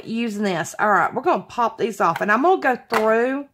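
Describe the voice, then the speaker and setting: A woman's voice: a little high, animated, moderate pace, hardly any pauses, a bit bright, husky. A woman from Alabama, chatting giddily and gushing as she unboxes craft supplies. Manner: gushing, giddy, laughs often, apologetic. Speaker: craft vlogger. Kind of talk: unboxing vlog chat.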